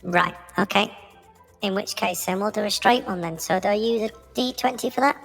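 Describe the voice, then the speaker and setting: A woman's voice: medium pitch, moderate pace, vocal fry, a bit bright, long reverb tail, faint music behind. A woman playing a tabletop game online, chatty and asking about the rules. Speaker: player. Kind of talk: casual chat while playing a tabletop game.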